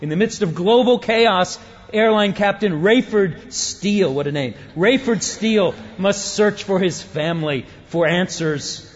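Preacher putting on a movie trailer narrator voice, booming, slow, dramatic, loud, lo-fi sound. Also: male voice, big-room sound, a little hiss or hum. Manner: booming, drawn-out dramatic delivery.

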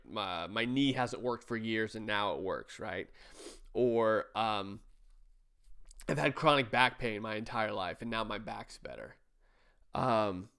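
A man's voice: medium pitch, a bit bright. Man musing with rhetorical questions. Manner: conversational, hesitant restarts, rhetorical questions. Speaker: sermon reviewer. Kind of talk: casual commentary.

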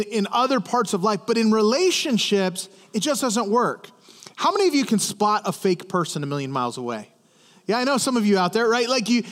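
A man's voice: sits high, big-room sound. A man preaching a sermon to a congregation in a conversational way, often restarting words and asking the listeners questions. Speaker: pastor. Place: church service.

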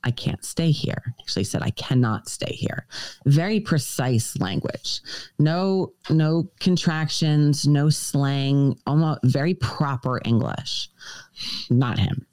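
A woman's voice: deep voice, takes it slowly, a little mellow, dry recording. A woman guest on a podcast, earnestly recounting a personal story and quoting dialogue in shifting voices. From United States.

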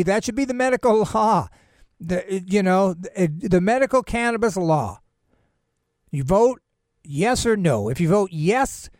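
A man hosts a casual cannabis news show and keeps breaking from the headlines for sarcastic, rambling jokes. His voice sits high and smooth. The sound is dry and close, with no room echo. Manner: sarcastic, rambling, jokey asides.

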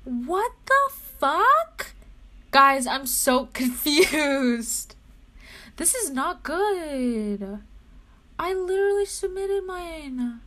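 A woman's voice: sits high, expressive, very slow, fairly bright tone. A young woman vlogging casually as she clicks through her computer, anxious and swearing often, with nervous laughs. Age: young adult. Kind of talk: casual chat while browsing a computer.

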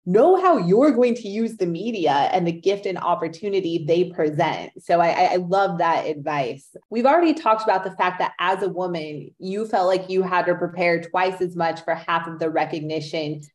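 A woman's voice: on the low side, normal speed, few pauses, darkish tone. A woman hosting an interview podcast, affirming her guest's points and asking follow-up questions. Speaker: podcast host. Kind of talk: conversational interview.

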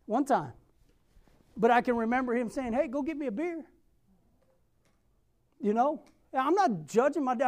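A middle-aged man preaching a sermon, earnest and emphatic, repeating key phrases and calling out to the congregation. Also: very high-pitched. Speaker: pastor.

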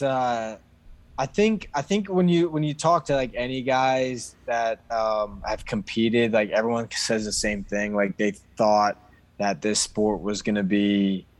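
A man who plays hockey, talking in a casual chat, halting with lots of fillers. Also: fairly low pitch, fairly even intonation, no room sound, rough recording. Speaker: guest, hockey player.

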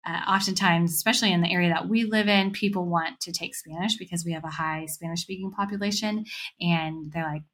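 A woman hosting a podcast, telling a story in a casual, animated way and acting out the voices she quotes. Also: on the low side, fairly quick. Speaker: podcast host.

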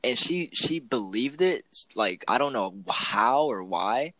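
A man's voice: medium pitch, expressive, slow, pushed and bright, no echo, rough recording. A young man, a guest in a casual chat, telling stories in slang, swearing and saying "bro" a lot. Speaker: podcast guest.

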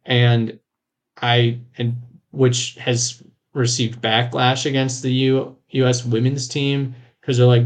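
A man co-hosting a casual podcast, rambling through his points with plenty of restarts and false starts. He laughs easily and keeps things conversational, in a middle-pitched voice. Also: flat delivery, slow pace. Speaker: podcast co-host. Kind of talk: casual chat.

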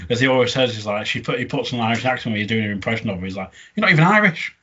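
A man's voice: fairly low pitch, steady tone, fast talker, fairly bright tone, breathy edge, muffled recording. A man, chatting casually as a podcast co-host and laughing often as he recaps an episode. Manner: chatty, laughing often, quoting lines in funny voices.

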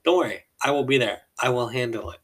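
A man's voice: mid-range voice, animated, fast. Man rambling through a casual story. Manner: rambling, chuckles mid-sentence, acts out quoted people. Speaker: podcast host.

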